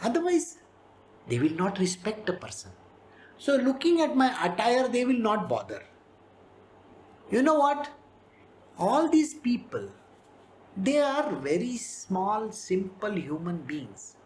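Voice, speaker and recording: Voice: medium pitch, big pitch swings, slow pace, long pauses, darkish tone, slight background noise. A spiritual teacher with an Indian English accent giving a conversational devotional talk on scripture, slipping into playful voices for quotes. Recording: roomy echo.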